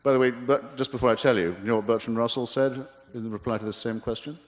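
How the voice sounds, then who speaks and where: A man speaking at a debate, measured and dryly ironic. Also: mid-range voice, steady tone, in a large hall. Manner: measured, reads his lines with dry irony.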